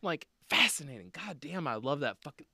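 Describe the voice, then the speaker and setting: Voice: mid-range voice, very animated, fairly quick, sharp tone, husky. A podcast host in casual conversation who swears freely and laughs often.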